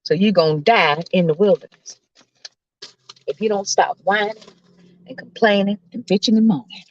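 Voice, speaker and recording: A woman host preaching as a self-described coach preacher, emphatic and hollering, her voice swinging high and low. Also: moderate pace, dull audio.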